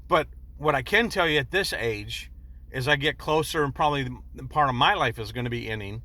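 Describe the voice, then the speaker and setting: A man's voice: medium pitch, animated, brisk, pushed and bright. Earnest rambling man in his sixties. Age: 60s. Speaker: vlogger. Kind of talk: personal storytelling monologue.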